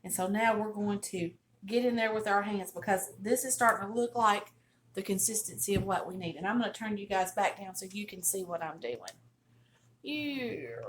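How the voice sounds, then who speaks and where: A middle-aged woman with a Southern drawl chats folksily as she cooks in her home kitchen, wandering into little stories as she goes. Her voice sits at an ordinary middle pitch, picked up by a camera on the counter, with a faint hiss behind it. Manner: folksy, chatty, storytelling. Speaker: cooking channel host. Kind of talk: casual cooking demonstration.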